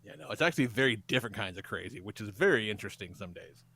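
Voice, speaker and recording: Pria bersuara cerah, bercerita penuh umpatan. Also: male voice, on the low side, very fast, dry recording. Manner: profane, animated storytelling. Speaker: podcast co-host. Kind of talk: casual podcast chat.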